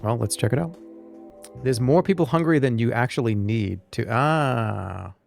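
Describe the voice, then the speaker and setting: Brief: male streamer, gravelly voice, wry rambling chatter to chat, faint music behind. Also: mid-range voice, a little slow. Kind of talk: casual live-stream gameplay chat.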